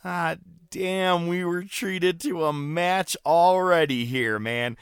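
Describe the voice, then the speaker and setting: A man co-hosting a casual wrestling recap podcast, animated and laughing, acting out quotes as he talks. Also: high-pitched, takes it slowly, smooth, no echo, clean studio sound. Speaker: podcast co-host.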